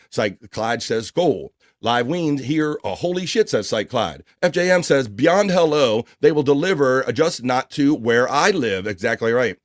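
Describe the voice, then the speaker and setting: A man's voice: medium pitch, no room sound, clean studio sound. Man reading out live chat. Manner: rattles off chat names and shout-outs. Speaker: livestream host reading chat. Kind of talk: casual live show chatter.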